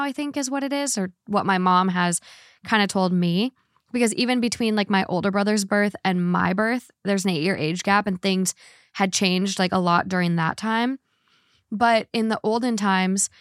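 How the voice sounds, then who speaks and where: A woman hosting a podcast, reading a story aloud and then chatting in a rambling, animated way with many fillers. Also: medium pitch, no room sound, studio quality. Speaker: podcast host. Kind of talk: casual podcast chat.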